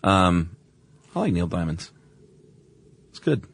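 A man co-hosting a podcast, talking in a relaxed, conversational way with plenty of fillers. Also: deep voice, takes it slowly, gravelly, breathy edge. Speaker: podcast co-host. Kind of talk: casual chat.

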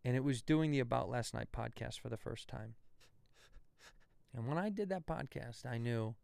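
A man in his thirties joking around as a podcast guest, with a smooth, clean voice recorded close and dry. He riffs in long comic rants, swears freely and slips into quoted voices. The talk is loose and casual. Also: mid-range voice, moderate pace, darkish tone, no room sound. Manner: riffing, swearing, mock rants, acts out quotes. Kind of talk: casual comedic chat.

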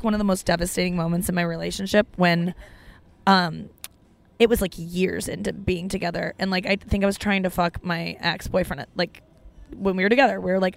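A woman's voice: fairly low pitch, steady tone, fairly quick, creaky. Rambling, foul-mouthed woman podcast host. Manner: rambling storytelling with frequent profanity and fillers. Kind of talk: casual comedic podcast chat.

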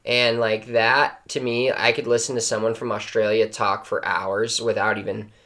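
A man co-hosting a podcast over a video call, rambling excitedly and swearing in casual chat. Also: on the low side, normal speed. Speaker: podcast co-host. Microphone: remote call mic.

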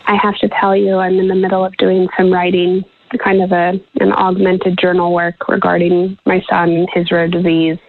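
A woman host speaking reflectively in an interview, pausing to search for her words. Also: lowish voice, monotone. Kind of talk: conversational interview. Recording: tinny phone-like line.

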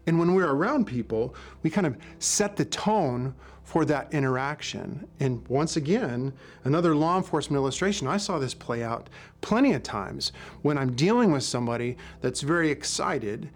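A man who was once a police officer, giving a sermon in a relaxed, conversational storytelling way, often restarting his words. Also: fairly high pitch. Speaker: pastor and former police officer.

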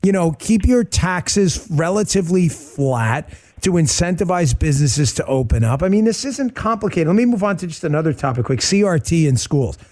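A man hosts a talk show in a notably high voice for a man. He speaks emphatically and keeps adding quick asides. He also makes pleading appeals to his listeners. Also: lively intonation, a little mellow. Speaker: host. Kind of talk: talk show host interview.

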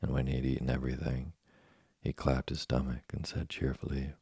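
A man reading a children's book aloud in a steady, plain way. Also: a bass voice, fairly quick, slightly rough, dry recording, clean studio sound. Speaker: storyteller.

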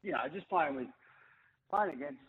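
A man, a former rugby league player, reminiscing as a guest in a relaxed interview, with many fillers. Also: a little high, normal speed, husky. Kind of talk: interview over the phone. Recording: tinny phone line.

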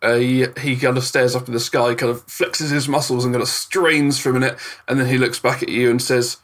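A man's voice: mid-range voice, steady tone, fairly quick, hardly any pauses, a bit bright. A man narrating a tabletop game in a casual, hesitant way. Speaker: game master.

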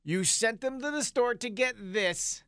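A man's voice: very high-pitched, expressive, unhurried, fairly bright tone, clean tone, no room sound, clean studio sound. A man co-hosting a radio show, teasing his co-host and urging listeners to call or text. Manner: wry, teasing reactions and call-to-action reads. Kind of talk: casual radio banter. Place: radio studio.

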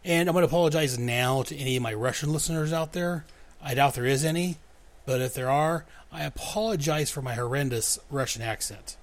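A man's voice: mid-range voice, brisk. Man casually recapping a comic book. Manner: reads dialogue aloud in voices, chuckles often. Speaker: comic book podcast host.

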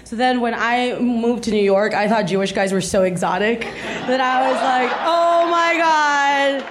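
A woman in her thirties from South Texas performing a stand-up set, telling a story with animated delivery and acting out the people in it. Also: a little high, normal speed, over a noisy crowd, heavy background noise. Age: 30s. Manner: animated storytelling, acts out voices, laughs along. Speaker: stand-up comedian.

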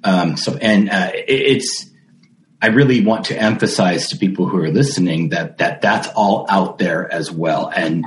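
A male podcast host with a lowish voice, chatting loosely and padding his thoughts with fillers and restarts. His voice rings a little in an echoey room. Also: a little slow. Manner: rambling, filler-heavy, self-correcting. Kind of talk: casual interview chat.

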